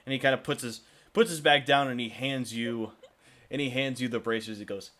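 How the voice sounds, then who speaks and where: A man's voice: medium pitch, fairly quick. A man narrating a tabletop game as game master, chuckling now and then. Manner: chuckling, relaxed narration with voiced characters.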